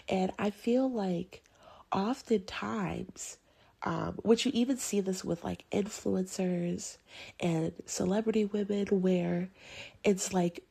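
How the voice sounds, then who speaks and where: A young woman talks casually from her bed while she is sick, her voice husky and gravelly. Her tone is dark and mellow, and she rambles along, now and then sinking to a whisper. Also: mid-range voice, steady tone, slow. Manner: chatty and meandering, drops into whispers. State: sick, rough voice. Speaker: vlogger. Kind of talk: casual talk to camera. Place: bedroom, lying in bed.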